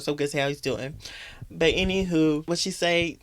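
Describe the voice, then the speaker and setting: A sassy podcast host tears through a throwback movie recap, roasting the characters with crude jokes and frequent laughter. The delivery is loose and conversational, pitched at a middle register. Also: steady tone, a little slow, long pauses. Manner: sassy, profane, mocking, laughs often.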